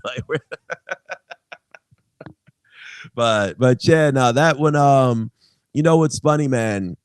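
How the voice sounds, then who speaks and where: A man's voice: medium pitch, slow pace, long pauses, clean tone, no echo. A young adult man, a guest musician, telling stories in casual chat, laughing often and swearing freely.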